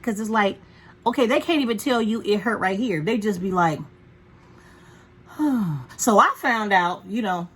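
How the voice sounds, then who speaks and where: Husky, frank woman chatting casually. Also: medium pitch, expressive, a little slow. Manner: frank, profane and chatty, puts on voices for her dog. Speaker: vlogger and dog owner. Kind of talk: casual rambling chat.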